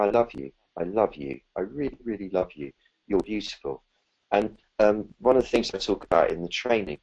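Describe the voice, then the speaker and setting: A man's voice: sits low, low-quality recording. A man answering questions as a spiritual teacher in a live talk, earnest and rambling, with many fillers and restarts.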